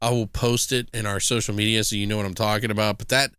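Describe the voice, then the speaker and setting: A man's voice: on the low side, little pitch movement, fast, fairly bright tone, smooth, dry recording, studio quality. A man co-hosting a film review podcast, recapping plots in a rambling, profane, casual way. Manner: rambling, profane, acts out quotes in voices. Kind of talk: casual chat.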